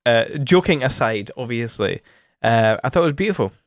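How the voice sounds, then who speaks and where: Lively male podcast host. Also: medium pitch, a little fast, no room sound, clean studio sound. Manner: joking, teasing, lively questions. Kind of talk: casual podcast interview.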